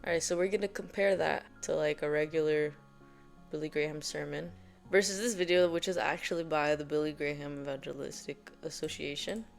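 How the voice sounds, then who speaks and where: A woman chatting casually as she explains things to her viewers, rambling through fillers and laughing often. Her voice sits a little low, with faint music in the background. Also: steady tone, a little fast, gravelly. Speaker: video host.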